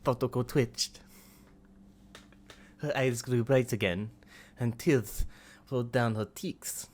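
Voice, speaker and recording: A man voicing a gentle teenage boy narrator with a lisp, reading haltingly with restarts. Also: mid-range voice.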